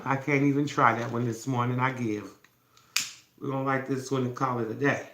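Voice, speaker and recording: This woman has a bass voice with fairly even intonation and a brisk pace. She's the host of a self-love challenge, livestreaming casually from her phone in the morning in a candlelit room, playfully and affectionately calling viewers babies. Echo and faint background noise fill the recording.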